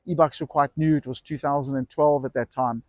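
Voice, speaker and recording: A middle-aged man tells a personal story in a loose, meandering way, restarting sentences and acting out what people said. His voice sits a little high, and it sounds close and dry, with a slightly muffled, dull tone. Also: steady tone, brisk, no room sound. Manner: rambling, self-correcting anecdote with acted quotes. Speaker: e-bike shop owner. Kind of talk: casual storytelling to camera.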